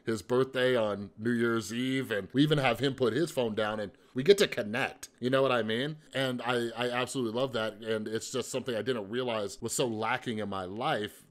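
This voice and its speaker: Young guy hosting a podcast, middle pitch, laid back and agreeing a lot. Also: fairly even intonation. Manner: casual, quick to agree. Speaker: podcast host. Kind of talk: conversational interview.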